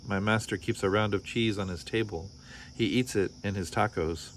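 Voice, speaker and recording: A man's voice: fairly low pitch, moderate pace, slight background noise, lightly acted. A man voicing a clever little female lamb who bleats and pleads. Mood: scheming.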